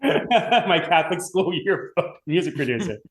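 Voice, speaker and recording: A man from Long Island telling school stories in casual chat, animated, swearing freely and laughing as he goes. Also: on the high side, a little slow, a little hiss or hum. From Long Island, New York. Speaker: podcast guest. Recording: roomy echoey room.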